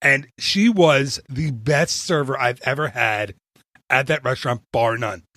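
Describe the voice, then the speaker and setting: A man co-hosting a podcast, chatting casually and telling a lively story with frequent restarts. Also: medium pitch, a little slow, no room sound, clean studio sound. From northern United States. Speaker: podcast co-host. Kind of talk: casual chat.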